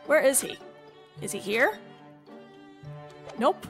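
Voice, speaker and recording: Chatty high-voiced woman streamer. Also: big pitch swings, slow, soft background music. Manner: chatty, self-deprecating. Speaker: game streamer. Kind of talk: casual let's-play commentary.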